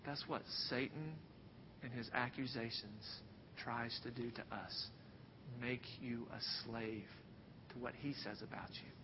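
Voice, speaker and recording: A man preaching a sermon and telling stories, swinging from loud bursts to hushed near-whispers. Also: fairly even intonation, a little slow. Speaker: pastor. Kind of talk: sermon with storytelling. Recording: dull sound with long hall reverb, faint rumble.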